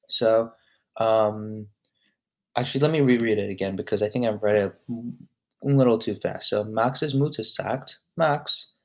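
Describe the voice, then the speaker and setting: A man's voice: medium pitch, darkish tone. A man teaching a casual online lesson, reading a short passage aloud and then explaining it with frequent ums and restarts. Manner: reads text aloud then explains, hesitant with many ums. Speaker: language teacher.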